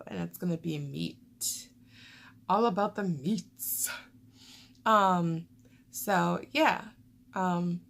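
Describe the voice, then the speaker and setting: Rambling gravelly-voiced woman vlogger. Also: mid-range voice. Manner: rambling, chatty, frequent fillers. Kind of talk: casual chat to camera.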